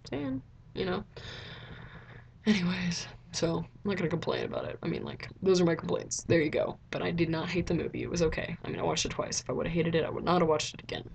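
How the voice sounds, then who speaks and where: A young woman chatting casually in a rambling vlog review, filling her talk with "like" and jumping up in pitch when excited. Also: fast talker, gravelly, hardly any pauses, slight background noise. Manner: chatty, rambling, heavy use of "like". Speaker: vlogger. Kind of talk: casual movie review chat.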